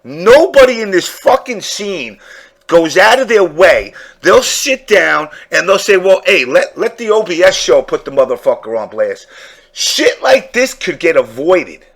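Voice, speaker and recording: A furious male host delivers a profane rant. His voice sits a little high and swings widely up and down as his anger rises and falls. He speaks in a loose, talk-show manner. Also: a little slow. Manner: furious, swearing heavily, lively swings in pitch.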